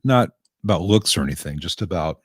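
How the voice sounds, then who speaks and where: A man's voice: sits low, animated, a little fast, slightly rough, no room sound. An American man with a light Southern accent, talking casually about amp repair as a guest on a live call, joking dryly and often restarting his sentences. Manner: chatty, dry humor, frequent restarts.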